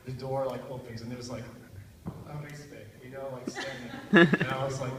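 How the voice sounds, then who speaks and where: A man's voice: medium pitch, fairly even intonation, moderate pace, background noise. A young man doing stand-up comedy, telling a rambling story and laughing at his own jokes. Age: young adult. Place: hall at a talent show. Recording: echoey hall from far off.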